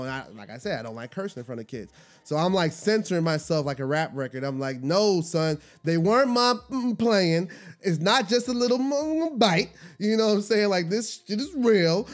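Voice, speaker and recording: A young man hosting a podcast, telling a personal story in an emphatic way and slowing down to stress words. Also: on the high side. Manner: emphatic, slows down to stress words when upset. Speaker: podcast host.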